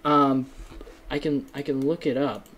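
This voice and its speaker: A man's voice: mid-range voice, level tone, unhurried, fairly bright tone. A man hosting a solo podcast in a rambling, self-deprecating casual chat, with many fillers and restarts. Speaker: podcast host.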